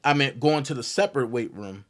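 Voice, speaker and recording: A young man telling a story about his college days, acting out the voices of the people in it with loud jumps. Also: mid-range voice, a little fast. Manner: acts out quotes with big loud jumps in voice. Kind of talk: animated storytelling.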